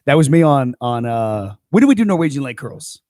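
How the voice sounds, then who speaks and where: A man's voice: mid-range voice, sing-song, fairly quick, warm tone, no room sound, clean studio sound. A young adult man co-hosting a podcast, telling a rambling story full of restarts and fillers. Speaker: podcast co-host, coach. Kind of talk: casual chat.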